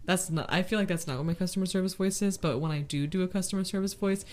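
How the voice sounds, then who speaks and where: A woman's voice: fairly low pitch, fast, a crowd in the background. A woman co-hosting a podcast in casual chat, rambling through complaints with lots of fillers. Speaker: podcast co-host.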